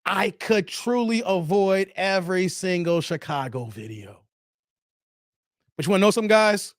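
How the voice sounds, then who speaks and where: Host: man, high voice, dry close sound, jokey livestream chat reading. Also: lively intonation, normal speed, dry recording. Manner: joking, reacts to viewer comments.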